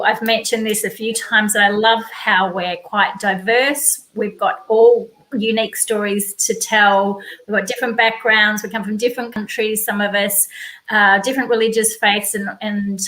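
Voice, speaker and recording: Australian woman, mid pitch, upbeat and chatty, video call sound. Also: fairly bright tone, poor audio. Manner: cheerful and chatty, with laughs. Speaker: book co-author on a live call. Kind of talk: casual chat on a video call.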